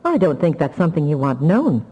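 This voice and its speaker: A woman reading an audiobook, voicing a calm and wise older woman who speaks briskly. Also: low voice, slightly rough, in a large hall, exaggerated voice, low-quality recording. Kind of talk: audiobook character voice.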